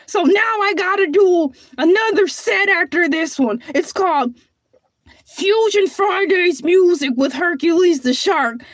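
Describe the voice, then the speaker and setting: A woman voicing a boastful male cartoon shark who hosts a comedy show, squeaky and sing-song with frequent sighs. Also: animated, unhurried, no echo, studio quality. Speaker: show host. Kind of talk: comedy character monologue.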